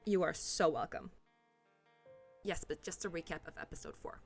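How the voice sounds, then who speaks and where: A woman's voice: low voice, animated, moderate pace, gravelly, husky, soft background music. A young adult woman casually talking through a story game as a streamer, chatty, swearing and laughing often. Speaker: let's play streamer.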